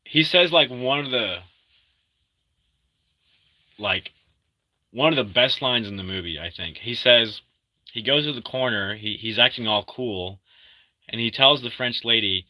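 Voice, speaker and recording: Animated man retelling a movie. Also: medium pitch, unhurried, long pauses, no echo, rough recording. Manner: animated storyteller, acts out quotes, many restarts. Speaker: movie recap host. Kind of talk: casual spoken movie recap.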